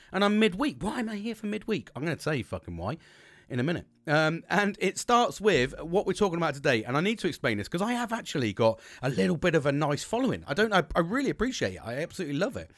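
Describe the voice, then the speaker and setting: A man's voice: on the high side, a bit bright, dry recording. A British man hosting a solo podcast, rambling and upbeat, swearing freely between fillers and restarts. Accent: British English. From Britain. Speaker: podcast host. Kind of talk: casual solo podcast chat.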